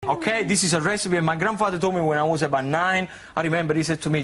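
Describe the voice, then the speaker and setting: Playful high-voiced man cooking on TV. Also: steady tone, fast, a bit bright. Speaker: TV chef guest. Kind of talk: cooking demonstration banter.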